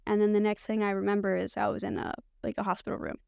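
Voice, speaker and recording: Woman guest on a podcast telling her story, lots of "like", kinda rambly, gravelly fry, dry close sound. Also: medium pitch, level tone, fast, darkish tone, no echo. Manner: candid, rambling, frequent "like" fillers. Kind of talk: personal storytelling.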